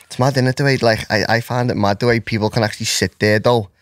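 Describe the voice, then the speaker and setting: A man's voice: medium pitch, fairly even intonation, fast. A young man guesting on a podcast, easygoing, repeating himself, saying "innit" and "you know what I mean". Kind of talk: casual chat.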